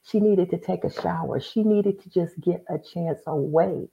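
A woman's voice: fairly low pitch, moderate pace, vocal fry, lo-fi sound. A woman guest telling her story earnestly and with faith, often acting out what others said. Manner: earnest, faith-filled, acts out quoted dialogue. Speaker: guest, author. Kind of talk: storytelling interview answer.

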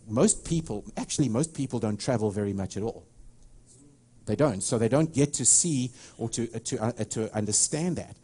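A middle-aged pastor with a South African accent delivers a sermon in a warm, mellow voice. He tells stories in a rambling way, with many restarts. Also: medium pitch.

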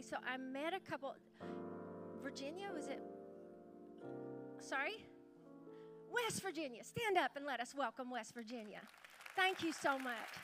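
Woman pastor, very high voice, chatty, music playing behind. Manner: chatty, warm-hearted, calls out to the crowd. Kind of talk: welcoming the congregation from the pulpit. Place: church service.

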